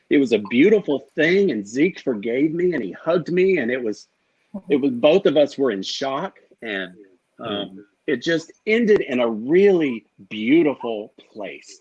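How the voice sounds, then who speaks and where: The audio is dull, carrying a medium-pitched male voice that's a little mellow and slightly rough. A middle-aged guest in an interview, he shares an emotional story with candor, plenty of profanity, and acted-out dialogue.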